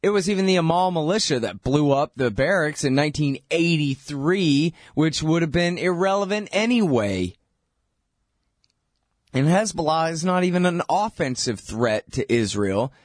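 A man's voice: a little high, expressive, normal speed, dry recording, clean studio sound. Sarcastic male political talk host. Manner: sarcastic, mocking, heated. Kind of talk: political commentary monologue.

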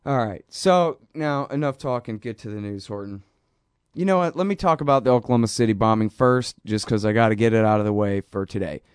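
A man hosting his own radio show, talking bluntly and loosely in slang, often trailing off into low mumbles. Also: fairly quick, clear, resonant tone, no room sound, studio quality. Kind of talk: casual talk radio monologue.

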